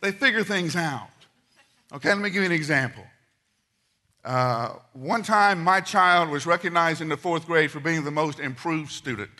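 Bright-voiced storytelling male preacher. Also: on the high side, moderate pace. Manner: storytelling, swings from loud to hushed. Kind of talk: sermon.

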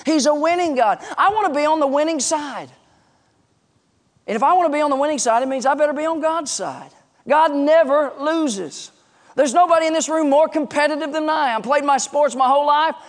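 A man's voice: very high voice, normal speed. A man in his forties preaching a sermon, telling a story and stressing points emphatically. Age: 40s. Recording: long reverb in a large hall.

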